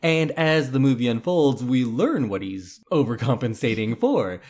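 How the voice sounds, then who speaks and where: Male podcast co-host, mid pitch, conversational explainer, relaxed storyteller. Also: normal speed. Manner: explanatory, storytelling about film history. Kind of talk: casual film discussion.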